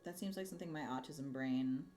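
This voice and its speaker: A woman's voice: extremely low pitch, fairly quick, mellow, a little hiss or hum. A woman hosting a crafting livestream, chatting casually and rambling while she answers her chat. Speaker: livestream host.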